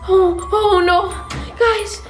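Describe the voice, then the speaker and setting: A woman hosting a staged scary vlog at home. She talks in a panic, repeating pleas and denials and swinging between shrieks and low murmurs. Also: fairly even intonation, drawn-out words. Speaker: YouTuber host. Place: at home indoors. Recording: loud music under the voice.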